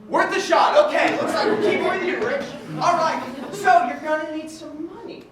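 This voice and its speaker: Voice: very high voice, moderate pace, a loud crowd. A performer on a small theatre stage, rambling through instructions to volunteers with self-mocking jokes. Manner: self-deprecating, rambling, joking asides. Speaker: stage performer leading audience participation. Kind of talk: live improv comedy. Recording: echoey hall from far off, audience noise.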